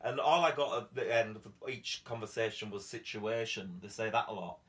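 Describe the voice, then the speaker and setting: A man's voice: on the low side, normal speed, a bit bright. A man, hosting a jokey bedroom chat, cheeky and prone to sudden squealing impressions. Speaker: comedian host. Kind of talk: comic chat in bed.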